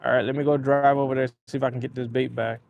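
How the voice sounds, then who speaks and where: A man's voice: medium pitch, flat delivery, racing, gravelly, darkish tone, dull audio, slight background noise. Laid-back man chatting while fishing. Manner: rambling, laid-back storytelling with easy laughs. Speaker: fishing livestream host. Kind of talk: casual live-stream chat. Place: outdoors on a lake, fishing from a kayak.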